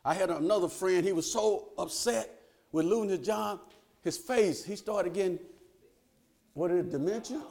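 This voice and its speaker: A man preaching a folksy, animated sermon. He laughs often and swings between loud and hushed. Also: sits high, moderate pace, creaky.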